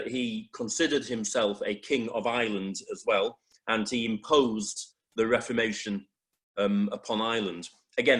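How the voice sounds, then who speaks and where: A man giving an illustrated history talk in a chapel, hesitant, with frequent pauses and restarts. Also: lowish voice, fairly bright tone. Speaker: preacher.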